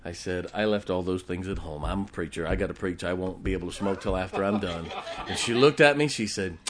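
A middle-aged man from Ohio preaching a storytelling sermon, switching between loud emphatic points and quiet, chatty anecdotes full of fillers. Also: deep voice, brisk, crowd noise. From Canton, Ohio. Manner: folksy, frequent fillers and restarts, chuckles.

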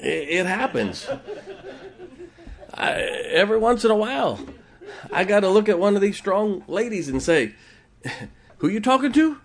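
A male preacher delivers his sermon in a folksy, chatty way, laughing often between points. His voice sits a little high for a man and swings up and down a lot. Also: big pitch swings, moderate pace, long pauses. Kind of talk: conversational sermon.

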